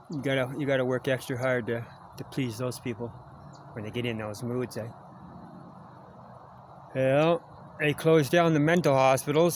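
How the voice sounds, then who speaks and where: In a rambling outdoor vlog, a Canadian man with a mid-range voice chats and jokes in the woods, coaxing animals toward him. He films on a camera held at arm's length, picking up outdoor ambience, animals, and wildlife noise.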